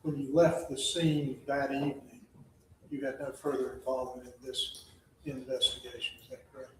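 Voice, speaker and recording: A man's voice: mid-range voice, little pitch movement, normal speed, a bit bright. A male attorney speaks in a formal, courteous way as he handles exhibits and questions a witness. The courtroom mic sits far from him, so his voice carries a heavy echo. Background noise hums throughout. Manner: formal and polite, addressing the judge. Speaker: defense attorney. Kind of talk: courtroom procedure.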